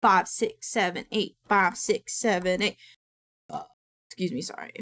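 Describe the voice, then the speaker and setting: A young woman streaming live, chatting casually, reading chat aloud and swearing a lot when excited. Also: lowish voice, a little slow.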